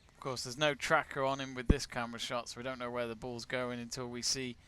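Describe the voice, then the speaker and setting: Bright-voiced English man hosting a stream. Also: mid-range voice, level tone, fast talker, clear, resonant tone. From England. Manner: chatty, greets viewers and reads out their messages. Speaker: watch-along stream host. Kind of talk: live sports watch-along commentary.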